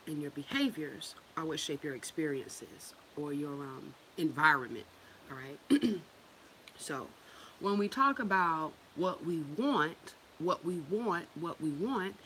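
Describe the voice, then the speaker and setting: A woman's voice: low voice, fairly bright tone, slight background noise, low-quality recording. A woman giving a casual spiritual talk to her viewers. She is loose and profane, laughs often and repeats phrases for emphasis. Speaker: spiritual teacher.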